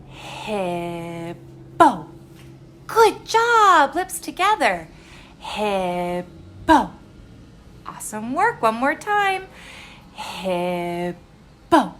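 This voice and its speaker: A woman's voice: on the high side, a bit bright, slight background noise. A woman speech therapist leading a word practice lesson for young children, talking in an exaggerated, encouraging sing-song with frequent gasps and carefully modeled words.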